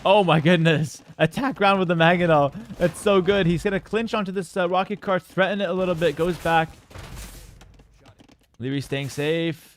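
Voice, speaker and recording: A man casting a strategy game tournament live, casual and opinionated, breaking into excited shouts at big plays. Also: high voice, moderate pace, slight background noise. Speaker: esports caster.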